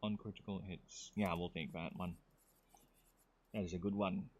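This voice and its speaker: A man's voice: sits low, steady tone, normal speed, a little mellow, breathy edge. A man from the Philippines, streaming a game, teasing his viewers and muttering through his choices. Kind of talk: casual game stream chat.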